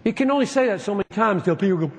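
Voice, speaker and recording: A man's voice: high-pitched, in a large hall, noisy background. A man preaching to fellow pastors, exhorting them with emphatic rhetorical questions. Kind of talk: sermon-style lecture.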